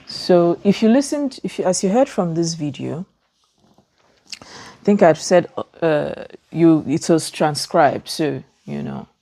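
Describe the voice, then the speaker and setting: A woman's voice: low voice, lively intonation, takes it slowly, dark tone. A woman hosting her own vlog channel, talking in a chatty, loose way and often restarting her phrases. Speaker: vlogger host. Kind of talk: casual vlog talk.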